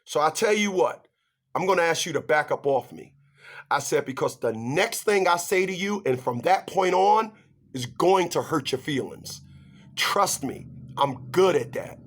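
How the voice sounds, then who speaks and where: A man giving relationship advice in an animated monologue, emphatic and stammering as he talks straight to his audience. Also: a little high, measured pace. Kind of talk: animated ranting monologue to viewers.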